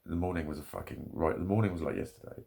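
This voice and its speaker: Low gravelly man, sweary rant. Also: fast, dark tone. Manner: heavy swearing, angry ranting. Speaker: vlogger. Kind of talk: ranting monologue.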